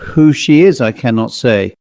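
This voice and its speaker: A man's voice: medium pitch, lively intonation, a little slow, gravelly, darkish tone, dry recording. A man voicing a grave, insistent head waiter with a French accent. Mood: earnest.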